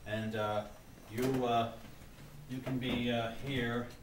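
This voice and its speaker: A man's voice: mid-range voice, level tone, takes it slowly, echoey room, heavy background noise. A man in a comedy sketch therapy group, hesitant and stammering as he tells a self-pitying story.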